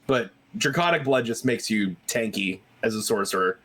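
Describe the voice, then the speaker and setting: Bright-voiced man, laughing a lot. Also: on the low side, normal speed. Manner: laughs often, excited. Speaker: player. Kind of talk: casual chat about tabletop characters.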